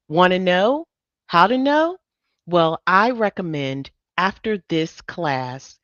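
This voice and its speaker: A woman's voice: sits low, dry recording, dull audio. A woman teaching a live online coding class, upbeat and encouraging, with emphatic bursts. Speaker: medical coding instructor.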